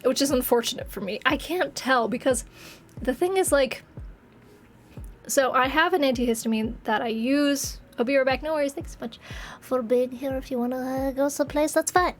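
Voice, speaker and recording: A woman's voice: sits high, normal speed. A woman in her late twenties streaming games, chatting casually and rambling with viewers, laughing often, with a slightly congested, phlegmy throat. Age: late 20s. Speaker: game streamer.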